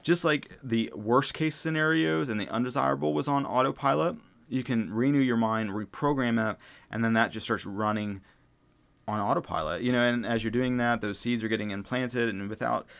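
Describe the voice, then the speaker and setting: A man's voice: mid-range voice, normal speed, gravelly, fairly bright tone, smooth. A man hosting a spiritual self-help podcast, talking casually and rambling, with many fillers and restarts and the odd swear word. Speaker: podcast host.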